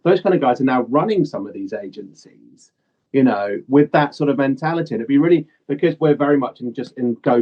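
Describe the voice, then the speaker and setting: A man's voice: medium pitch, brisk. A man hosting a podcast, talking casually and rambling with lots of fillers and restarts over a video call. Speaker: podcast host. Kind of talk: casual conversation. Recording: slightly dull lo-fi call audio.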